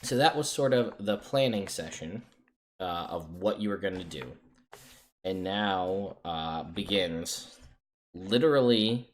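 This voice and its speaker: A man with a very low voice runs a tabletop game as its game master. He talks slowly and goes through a list one item at a time. His tone stays measured throughout. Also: animated. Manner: measured, reads out a list step by step.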